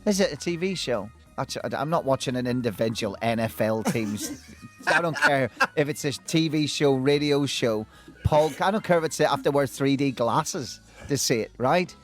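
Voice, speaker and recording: A man hosting a sports panel show, teasing his guests with quick jokes. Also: mid-range voice, big pitch swings, soft background music. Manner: jokey and teasing, quick asides. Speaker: host. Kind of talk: lively sports panel chat.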